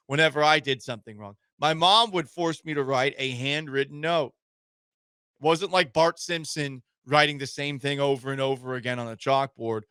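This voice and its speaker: A male sports radio host ranting with sarcasm and indignation, jumping between loud outbursts and quiet muttered asides. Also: medium pitch, dry recording. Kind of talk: sports talk radio rant.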